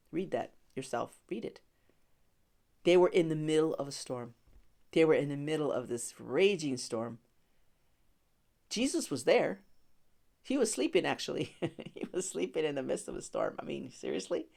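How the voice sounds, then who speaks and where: A woman's voice: low-pitched, animated, moderate pace, creaky, long pauses, darkish tone. A woman hosting a devotional podcast, speaking in a conversational way, with many fillers and frequent laughter. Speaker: podcast host and Bible teacher.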